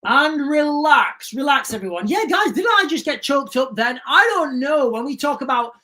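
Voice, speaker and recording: Woman, livestream host, rambling, repetitive, earnest, fairly high voice. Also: expressive, a little fast, sharp tone. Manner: rambling, repeats phrases, keeps calling the viewers guys; emotional and earnest, choking up. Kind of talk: casual livestream chat.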